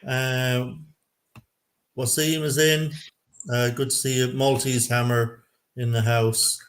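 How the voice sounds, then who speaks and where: A man's voice: mid-range voice, little pitch movement, takes it slowly. An Irish man hosting a casual live fan show over a video call, joking easily with his guests. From Ireland. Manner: easygoing, joking banter with guests. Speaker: host of a fan livestream show. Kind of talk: casual chat.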